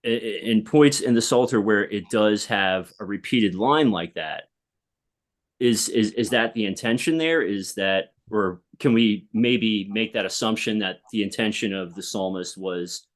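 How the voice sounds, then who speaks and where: A man's voice: on the low side, measured pace. A man hosting an interview podcast, asking questions in a searching, hesitant way with restarts. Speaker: podcast host. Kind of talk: conversational interview.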